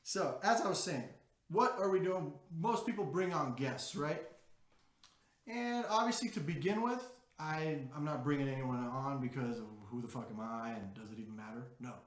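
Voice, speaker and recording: A man hosting a podcast in a brash, profane, excitable unscripted monologue. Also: fairly high pitch, moderate pace, echoey room. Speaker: podcast host.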